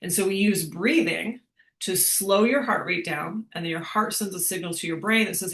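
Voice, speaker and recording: A woman's voice: fairly low pitch, normal speed, fairly bright tone, roomy sound. A woman fitness coach answering questions in a live class, chatty and upbeat, laughing as she explains.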